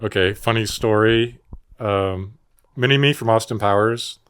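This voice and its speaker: A man with a fairly low voice co-hosts a podcast in loose, casual chat. He keeps cracking jokes and laughing, and he slips into silly accents for fun. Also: unhurried, fairly bright tone, clear, resonant tone. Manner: jokey, laughs often, plays with silly accents. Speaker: podcast co-host.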